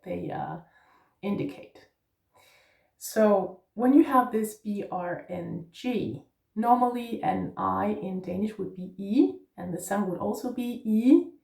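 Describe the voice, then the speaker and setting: A woman's voice: a little high, vocal fry, a little mellow, echoey room, recorded from a distance. A woman teaching Danish pronunciation, patiently spelling out letters and checking in with "yeah?". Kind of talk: pronunciation lesson.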